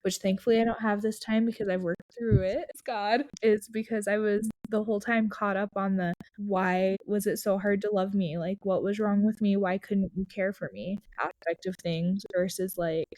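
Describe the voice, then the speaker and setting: A woman speaks candidly and earnestly as a podcast guest. She has a middle-pitched voice. The recording is dry and close. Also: fairly even intonation, normal speed, a little mellow, no room sound. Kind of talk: casual chat.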